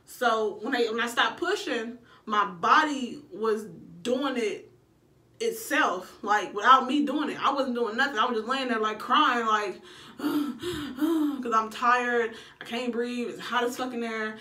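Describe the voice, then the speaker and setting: A bright, forceful woman in her own casual storytelling, animated and profane, acting out what she said back then. She is recorded in an echoey room, a bit away from the camera mic. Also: on the high side, a little slow, far from the mic. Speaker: vlogger telling her birth story.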